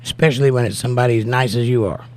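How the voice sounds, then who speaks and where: Male livestream host, hoarse and nearly out of voice, relaxed and jokey, casual chat. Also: medium pitch, rapid-fire. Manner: easygoing and jokey, talking straight to viewers. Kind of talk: casual livestream chat, reading viewer comments aloud.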